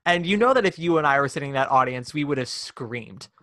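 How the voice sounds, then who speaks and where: A man co-hosting a casual chat about a musical, animated and acting out quoted lines. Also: quick pace, no echo, clean studio sound. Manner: animated, acts out quoted lines in high voices. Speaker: podcast co-host.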